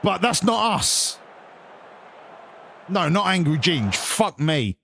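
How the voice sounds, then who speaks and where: A man's voice: high-pitched, big pitch swings, slow pace, vocal fry, bright, forceful tone, a little hiss or hum. An English man hosting a stream, chatting in a sarcastic, sweary, ranting way. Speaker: stream host. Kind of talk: casual chat.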